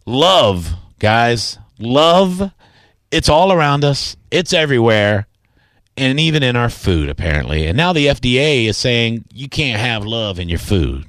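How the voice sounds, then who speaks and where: A man's voice: mid-range voice, sing-song, a little slow, fairly bright tone, no room sound, studio quality. A man hosting a radio show, bantering and reading odd news stories in a loose, teasing way. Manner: joking, teasing, reads news items loosely. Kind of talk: casual morning radio banter.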